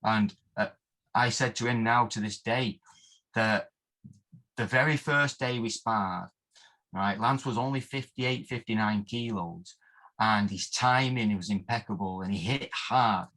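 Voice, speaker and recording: A man's voice: on the low side, unhurried, sharp tone. A man, a martial arts instructor, rambling through interview anecdotes with plenty of fillers and mild oaths. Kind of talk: interview storytelling.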